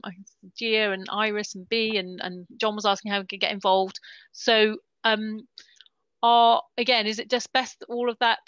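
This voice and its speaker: Bright-voiced woman hosting a webinar. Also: mid-range voice, smooth, no echo, muffled recording. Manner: chatty, relays audience questions with many ums. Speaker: webinar host. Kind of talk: moderating a webinar Q&A. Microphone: video call.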